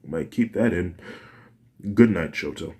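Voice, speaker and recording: A tired, easygoing brother talks in a drowsy, offhand way, as a male narrator puts him on. His voice is low and slow, in a storybook reading. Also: lively intonation, mellow. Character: sleepy, easygoing young man, older brother.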